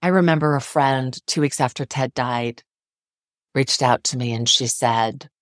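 With a very deep voice and a measured pace, a middle-aged psychotherapist speaks earnestly as a podcast interview guest. She presses her points emphatically by repeating phrases, and the studio-quality audio has no echo.

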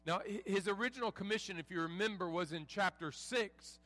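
A man preaching as a pastor, reading scripture and praying in an earnest, measured way with folksy asides, a bit under the weather. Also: high voice, bright, forceful tone, soft background music. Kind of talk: sermon with scripture reading and prayer. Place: church sanctuary.

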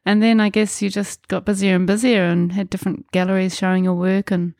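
A woman's voice: mid-range voice, little pitch movement, fairly quick, a little mellow, no echo, studio quality. A woman interviewing an artist in a casual chat, asking follow-up questions and offering brief encouraging prompts.

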